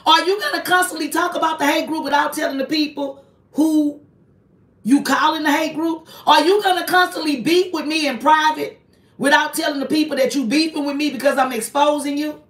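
A woman's voice: high-pitched, fairly even intonation, fairly quick. A woman hosting a confrontational live stream, hammering one person with repeated accusing rhetorical questions and calling on God. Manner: preachy, invokes God. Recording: roomy echo, voice distant from the mic.

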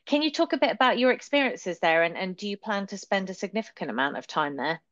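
A woman's voice: mid-range voice, animated, fast talker, a bit bright, dry recording. Inquisitive woman host, dull dry audio. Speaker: podcast host. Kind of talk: casual interview chat.

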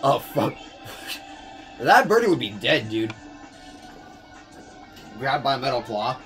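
A young man giving casual gameplay commentary, fast-talking, swearing, often stumbling over words. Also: mid-range voice, big pitch swings, fairly bright tone, faint music behind. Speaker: let's player.

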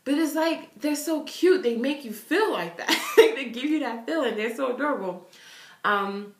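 A young woman with a somewhat high voice tells a story to the camera, animated and chatty, with "like" dropped all through her sentences. The room around her sounds echoey. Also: normal speed. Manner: animated, chatty, full of "like" fillers. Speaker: vlogger. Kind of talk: excited storytelling.

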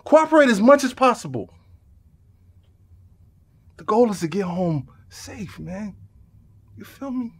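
A bright, high-pitched young man whose voice leaps all over as he jokes and teases his friends. He is earnest when he pleads and eager when he pitches ideas. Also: very animated, husky, heavily acted. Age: young adult. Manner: playful, teasing, quick to laugh. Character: upbeat joking young man, Theo. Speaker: friend running a youth program.

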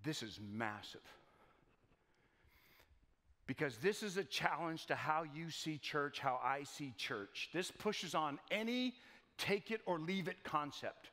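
A male pastor gives a loose, conversational sermon, tossing in folksy jokes and stumbling over repeated words. His voice sits a bit higher than most men's. It rings out with the long reverb of a church sanctuary. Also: expressive, slow, pushed and bright.

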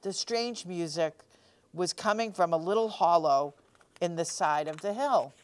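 Smooth low-voiced woman reading a storybook. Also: a little slow. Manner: gently expressive, asks the listeners questions. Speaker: storytime reader. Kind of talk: children's picture book read-aloud.

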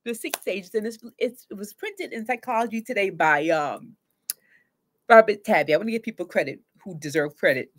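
A woman therapist talking casually to camera about grief and letting go, acting out inner voices with sudden swings in pitch and loudness. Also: lively intonation, fairly quick. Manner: conversational, casual slang.

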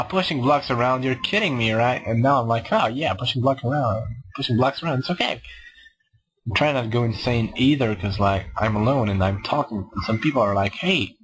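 A man's voice: mid-range voice, rough recording. A man casually commenting on his own gameplay, rambling and self-mocking as he talks to himself. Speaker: let's play gamer.

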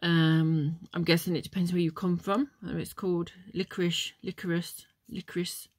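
This vlogger has a lowish, darkish voice with a level tone and a moderate pace, recorded dry. She chats casually while tasting and reviewing chocolates, meandering into memories and saying "um" a lot.

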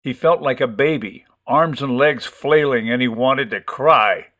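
A man narrating a short story in a measured, expressive storytelling manner. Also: mid-range voice. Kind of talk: audiobook story reading.

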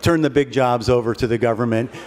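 A man's voice: mid-range voice, fairly even intonation, fairly quick, a little mellow. A man giving a humorous keynote speech to an audience, telling a long comic story in a wry, dry way. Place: large hall before an audience. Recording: long hall reverb, faint background noise.

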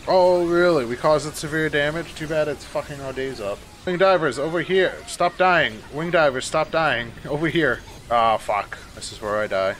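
A man's voice: a little high, moderate pace, hardly any pauses, a bit bright, slight background noise. A man giving casual let's-play commentary, exasperated and swearing often as he talks back at the game. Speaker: gaming YouTuber.

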